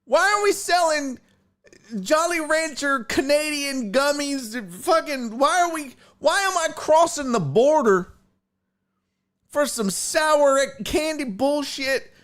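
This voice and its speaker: Very high-pitched and slow, this male voice belongs to a sports talk host running a casual livestream. He curses heavily as he rants, spins stories, and responds to viewers in the chat, his delivery animated and profane.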